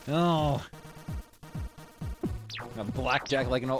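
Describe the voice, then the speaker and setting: A man's voice: on the high side, big pitch swings, a little slow, pauses often, music in the background. A man livestreaming a game, chatting with amusement and reading out gifted subs. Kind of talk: casual game commentary.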